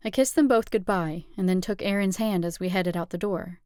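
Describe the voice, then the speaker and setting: A woman's voice: on the low side, a little fast, clean tone, no echo. Woman narrating an audiobook, dry sound. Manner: expressive, steady storytelling. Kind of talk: scripted narration.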